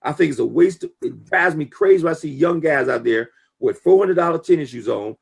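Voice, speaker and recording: Gravelly, husky man giving emphatic business advice. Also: a little high, brisk. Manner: emphatic, preachy, lively storytelling. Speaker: network marketing talk show guest. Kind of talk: casual motivational talk.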